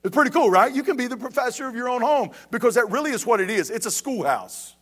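A man's voice: extremely high pitch, expressive, fast talker, fairly bright tone. A man preaching a sermon as pastor, emphatic and repetitive, speaking straight to the congregation.

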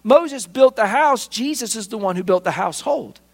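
A pastor preaching a sermon, retelling scripture with acted dialogue and emphatic repetition. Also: male voice, high voice, animated, normal speed, vocal fry.

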